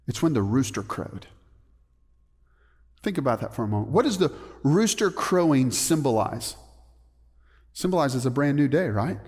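A man preaching a sermon as a pastor, emphatic, often putting questions to the congregation. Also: on the high side. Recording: long reverb of a large hall.

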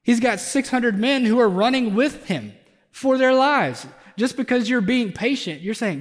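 Man, pastor, conversational sermon, high voice, long church-hall reverb. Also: animated, a little slow. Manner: conversational preaching, rising intensity on emphatic points. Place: church sanctuary.

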